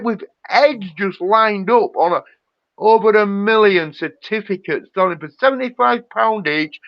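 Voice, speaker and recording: A man's voice: sits high, no echo, dull audio. A man on a live chat show, ranting profanely in a heated, fired-up casual talk.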